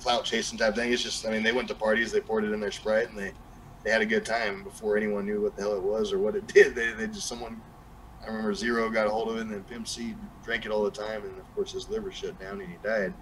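A man's voice: fairly low pitch, flat delivery, quick pace, fairly bright tone, slight background noise, rough recording. A young man with a Southern accent, chatting casually as a podcast guest and rambling with lots of fillers and restarts. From New Mexico. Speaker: guest rapper.

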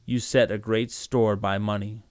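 A man's voice: lowish voice, little pitch movement, a little slow, darkish tone, no room sound, natural voice. Man playing a cold, iron-willed young husband. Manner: firm, iron-voiced, contemptuous.

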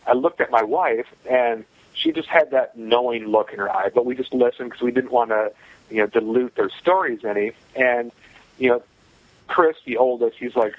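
A man recounts a story in an easygoing, matter-of-fact way, with plenty of "you know" fillers. His voice sits at an ordinary pitch. The sound is dry and a little muffled. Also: normal speed, no room sound. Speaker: guest telling a personal story. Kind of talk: casual storytelling.

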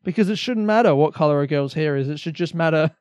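A man's voice: a little high, quick pace, a little mellow, no echo, lo-fi sound. A young Australian man hosting a solo comedy podcast, rambling energetically with lots of swearing and self-mockery.

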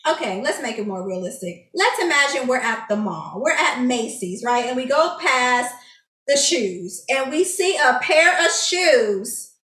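A woman's voice: high voice, animated, unhurried, sharp tone. An enthusiastic woman teaching a Bible study, reading scripture aloud and explaining it in chatty, filler-filled talk. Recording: echoey room, distant mic.

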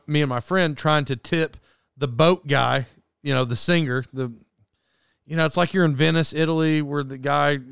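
A man spins a meandering story in an easygoing monologue, tripping over his own restarts and laughing as he goes. His voice sits a bit high and comes across smooth, recorded close and dry with no room around it. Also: a bit bright, no room sound. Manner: rambling, self-doubting, laughs often, many restarts.

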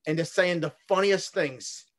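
A man's voice: high voice, measured pace. A man in casual chat about a comedy sketch, hesitant and full of fillers. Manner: hesitant, many fillers and restarts.

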